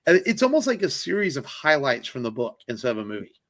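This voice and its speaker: A man's voice: medium pitch, wildly swooping pitch, fast talker, fairly bright tone. A man on a podcast chatting casually about films, enthusiastic and rambling, with lots of fillers and the odd swear word. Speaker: podcast co-host. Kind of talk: casual movie review chat.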